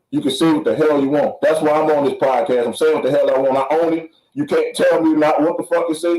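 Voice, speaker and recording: A man's voice: fairly high pitch, a little mellow, roomy sound, poor audio. Angry profane man ranting on a podcast. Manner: heated, profane, repeats himself for emphasis. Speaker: podcast host.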